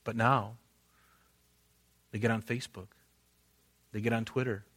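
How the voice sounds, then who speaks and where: A man preaching a sermon as pastor, rising to loud emphatic lines and dropping to quiet, intimate asides, sometimes acting out quoted dialogue. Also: lowish voice, little pitch movement, unhurried. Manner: acts out biblical speakers in quoted dialogue.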